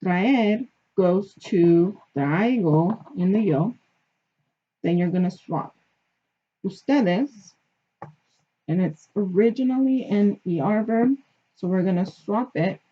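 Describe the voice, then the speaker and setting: A woman teacher walks her class through a grammar lesson with patient step-by-step explanations, often pausing to ask if they follow. She speaks slowly, with a slightly husky voice. The recording sounds dull and lo-fi. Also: fairly low pitch. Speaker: Spanish teacher.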